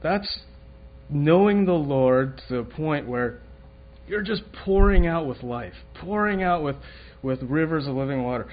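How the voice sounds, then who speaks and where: A man's voice: fairly high pitch, lively intonation, a little slow. A man preaching a sermon in a conversational way, asking the room questions and often restarting his sentences. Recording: dull lo-fi recording, faint room noise.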